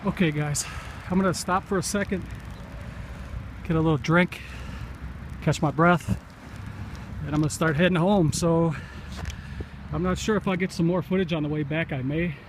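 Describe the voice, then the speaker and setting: A man's voice: on the high side, fairly even intonation, normal speed, long pauses. A man from Wisconsin, chatty and direct, vlogging a bicycle ride on an outdoor trail, a little out of breath. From Wisconsin, USA. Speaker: cycling vlogger. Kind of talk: casual vlog narration. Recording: loud outdoor noise.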